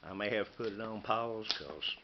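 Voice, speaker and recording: A man, rambling casually and hurrying through his unboxing vlog. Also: fairly low pitch. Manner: folksy, rambling, hurried. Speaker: YouTuber showing knives and meal kits. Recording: muffled lo-fi camera audio with noise.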